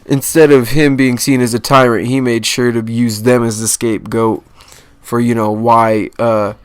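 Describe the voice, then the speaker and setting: A man's voice: mid-range voice, level tone, moderate pace, smooth, no room sound. A man hosting a casual history explainer, rambling and correcting himself, joking about mispronouncing names. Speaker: history channel host.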